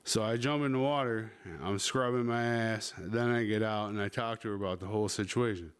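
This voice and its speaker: A man's voice: lowish voice, fairly even intonation, fairly quick, smooth. Crude rambling man telling a story. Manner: crude, rambling, swears a lot. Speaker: podcast host. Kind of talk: casual podcast storytelling.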